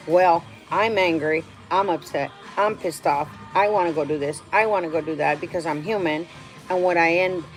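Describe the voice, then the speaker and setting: A woman's voice: fairly low pitch, rough recording. A middle-aged woman talking candidly and emotionally to her viewers, answering their questions in a rambling way. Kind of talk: casual heartfelt talk to viewers.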